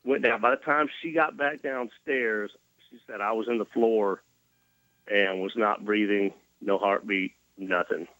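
A man with a lowish voice tells his story in a folksy, joking way, poking fun at himself. The sound is dry and a bit muffled, as if it came over a remote link. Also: fairly even intonation, measured pace, fairly bright tone, dry recording. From Mississippi, US. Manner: folksy, joking, self-deprecating. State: recovering from cardiac arrest. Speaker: guest. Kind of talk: casual storytelling interview.

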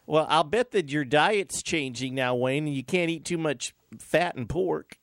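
A man's voice: a little high, a little slow, fairly bright tone, dry recording, clean studio sound. A man hosting an interview, chatty and joking with his guests. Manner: chatty, jokey. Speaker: interview host. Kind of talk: casual interview chat.

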